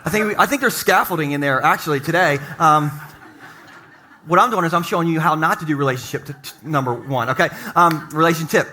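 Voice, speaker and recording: Speaking quickly in a sharp, rather high voice, a middle-aged male pastor gives a funny, chatty sermon in church over slight background noise. He addresses the congregation directly in a joking, conversational way.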